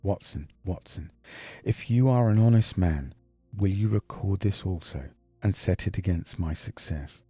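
A man voicing a crisp, commanding detective. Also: deep voice, a little slow, mellow, dry recording, soft background music. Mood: explaining. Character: brilliant, brisk male detective, commanding and dry. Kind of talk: audiobook character reading.

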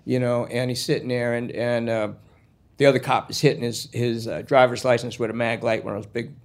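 A man's voice: medium pitch, little pitch movement, fairly quick. A man telling a long story in a casual, rambling monologue, with crude asides.

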